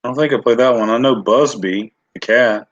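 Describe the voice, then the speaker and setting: A man's voice: medium pitch, fairly quick, dry recording, highs cut off. A man chatting casually on a livestream, rambling and searching for words. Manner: rambling, lots of fillers and restarts.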